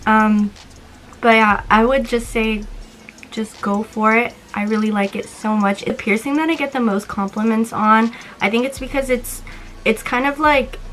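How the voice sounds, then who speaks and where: A woman's voice: on the high side, fairly even intonation, normal speed, a bit bright, rough recording. A young woman-voiced vlogger in their twenties talks with a slight lisp, rambling along in loose, casual chat. The delivery wanders from point to point with easy swearing thrown in. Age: 20s.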